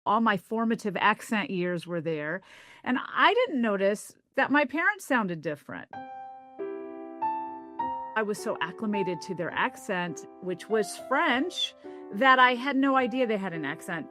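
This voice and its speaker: A woman from the American South, a linguist, talks through her memories and explains her ideas in a thoughtful, explanatory way. Her voice sits at a middling pitch for a woman. Soft music plays faintly behind her. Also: very animated, measured pace. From American South (Tennessee). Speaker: linguist, interview guest. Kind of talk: reflective interview storytelling.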